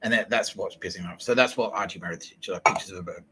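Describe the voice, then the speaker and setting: A young man hosting a podcast, rambling through a profane, excitable solo monologue that jumps from idea to idea. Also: low voice, background noise. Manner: profane, excitable, fast-shifting and digressive. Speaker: podcast host.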